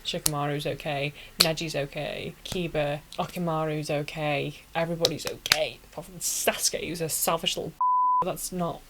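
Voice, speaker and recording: Low-voiced gushing woman. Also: fairly even intonation, moderate pace, heavy background noise. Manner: gushing, emotional fan with dramatic asides. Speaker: anime reviewer. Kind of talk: casual retelling.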